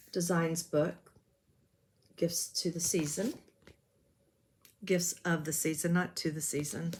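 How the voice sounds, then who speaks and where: A woman's voice: fairly low pitch, a little hiss or hum. A woman chatting casually about her stitching projects, rambling and self-deprecating, with lots of ums. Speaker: cross-stitch vlogger. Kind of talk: casual show-and-tell chat.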